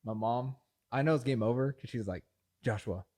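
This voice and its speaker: A young man co-hosting a casual podcast, telling stories with lots of laughter and his voice jumping high when excited. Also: a little fast. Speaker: podcast co-host. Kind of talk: casual chat.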